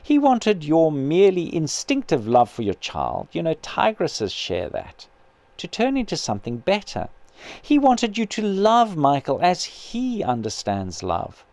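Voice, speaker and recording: A calm, kindly male spirit, read by a man, speaking in an earnest, patient voice that still rises and falls a lot. Close and dry. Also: fairly high pitch, no room sound. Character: patient gentle male spirit, her brother.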